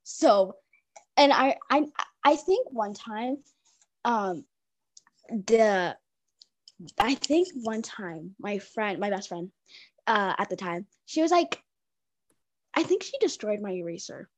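A woman's voice: medium pitch, animated, slow, pauses often, no echo. A young woman telling rambling school stories in casual chat, often breaking into giggles. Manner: giggly, rambling, many fillers.

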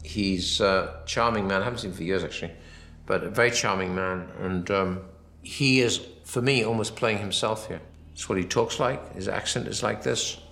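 A man's voice: on the low side, moderate pace, creaky, bright, forceful tone, roomy sound. A man giving a film commentary, rambling and anecdotal, acting out quoted dialogue as he goes. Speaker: film director.

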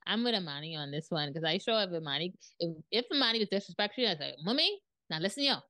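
Woman hosting a faith podcast, kinda low voice, emphatic and lively, dry close sound. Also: rapid-fire, no room sound. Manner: lively, emphatic, preacherly phrasing. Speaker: podcast host. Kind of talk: casual faith podcast conversation.

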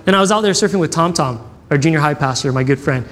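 A man's voice: a little high, fast talker, fairly bright tone, big-room sound. A man preaching a sermon, telling personal stories in a conversational way and acting out the dialogue. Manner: conversational, acts out quoted dialogue. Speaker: pastor.

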